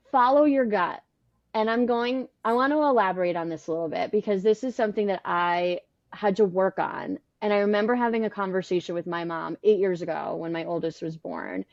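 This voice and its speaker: A woman in her thirties answers podcast questions as a baby sleep consultant, earnest and animated, often restarting her sentences. Her audio sounds dull and lo-fi, and the mic picks up no room at all. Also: mid-range voice, normal speed, no room sound. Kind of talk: podcast interview.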